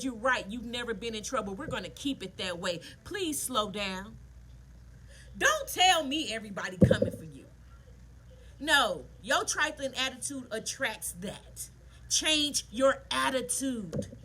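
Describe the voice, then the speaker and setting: A woman, telling a story casually to viewers while doing her nails, animated and preachy. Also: high voice, slight background noise. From Southern United States. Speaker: nail artist vlogger.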